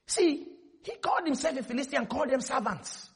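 A man preaching a sermon, often shouting and calling on the congregation to respond. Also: very high voice, very animated, a little fast, vocal fry. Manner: shouting, call-and-response exhortation.

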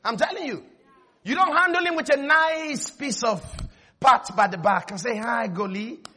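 Brief: male preacher, very high bright voice, animated and shouty. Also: moderate pace. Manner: animated, acts out dialogues, shouts and laughs. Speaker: pastor. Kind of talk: sermon.

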